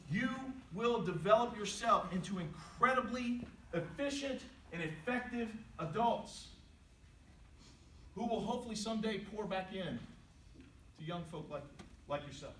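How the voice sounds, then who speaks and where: A middle-aged man giving a playful, animated inspirational talk to students in a large hall, telling stories and acting out quotes. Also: sits high, a little slow, a little hiss or hum. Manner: playful, animated storytelling with jokes and acted-out quotes. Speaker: motivational speaker. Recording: echoey hall, voice from a distance.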